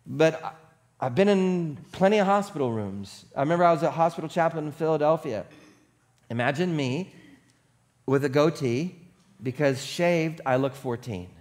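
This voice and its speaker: A man's voice: on the high side, expressive, moderate pace, darkish tone. A middle-aged male pastor preaching a sermon in a casual, storytelling way, joking about himself and acting out the people he quotes. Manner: storytelling, conversational and self-deprecating, acts out quoted voices.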